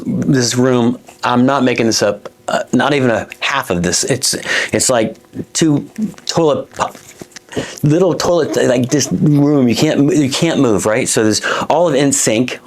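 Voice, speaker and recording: A man in his fifties from Florida, a comedian telling a long anecdote in a dressing room, rambling with many restarts and asides. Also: mid-range voice. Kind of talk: stand-up style storytelling.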